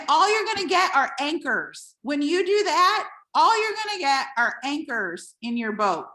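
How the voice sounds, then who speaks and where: Animated woman with a bright voice. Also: sits high, a little slow, hardly any pauses, roomy sound. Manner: animated, playful, acts out quoted voices. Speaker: team leader giving a motivational talk. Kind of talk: motivational live video talk.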